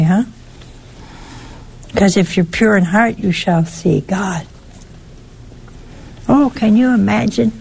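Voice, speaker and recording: A woman, older, preaching a sermon with lively, teasing rhetorical questions. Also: mid-range voice, creaky, husky.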